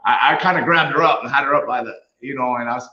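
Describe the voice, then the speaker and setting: A middle-aged man spins animated stories, laughing often and acting out what others said. His voice is bright and forceful. The sound is roomy and a little dull, like a lo-fi recording. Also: mid-range voice, fast. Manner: animated storyteller, laughs often, acts out quotes. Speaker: guest, retired wrestler. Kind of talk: casual storytelling interview.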